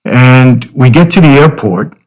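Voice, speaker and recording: Middle-aged male guest, earnest conversational storyteller, average pitch. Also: measured pace, rough recording. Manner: earnest, frequent "you know" fillers. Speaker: podcast guest.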